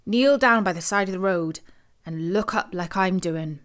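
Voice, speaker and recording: A woman's voice: medium pitch, moderate pace, a bit bright, clear, resonant tone, natural voice. A woman voicing a cunning old male soldier, a sly trickster in a storybook tale.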